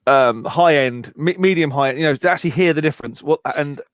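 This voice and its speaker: A man's voice: on the high side, no echo. Chatty man, dry close sound. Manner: jokey, talks in bursts with quick restarts. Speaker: co-host of a live music Q&A stream. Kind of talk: casual live-stream chat.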